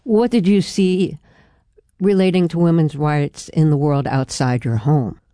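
Deep-voiced woman interviewer, dry sound. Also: measured pace, mellow, dry recording. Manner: brief, direct questions. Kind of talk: interview questions.

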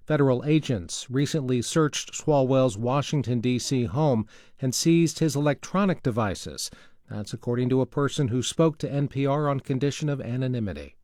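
Crisp male newscaster in a dry studio. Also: mid-range voice, normal speed, darkish tone, dry recording. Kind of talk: newscast reading.

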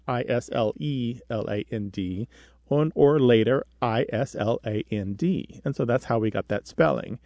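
Chatty radio host, dry studio sound. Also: male voice, mid-range voice, a little slow, no room sound. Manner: chatty, explains word history in a lively storytelling way. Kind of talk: call-in radio chat. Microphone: studio microphone.

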